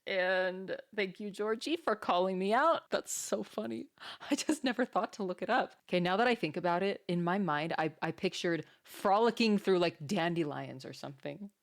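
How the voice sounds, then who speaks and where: A woman's voice: medium pitch, expressive, moderate pace, hardly any pauses. A woman hosting a casual reaction video, chatty and giggling often.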